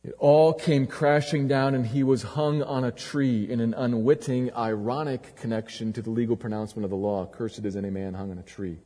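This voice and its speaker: Dramatic preaching man in a reverberant hall. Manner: dramatic preaching with sharp swings from loud emphasis to low, quiet lines. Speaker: pastor. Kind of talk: sermon.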